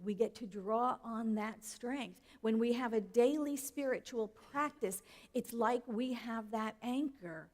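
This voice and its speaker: A woman's voice: fairly high pitch, a little mellow. Conversational woman minister in a reverberant hall. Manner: conversational, asks the audience questions. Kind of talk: sermon.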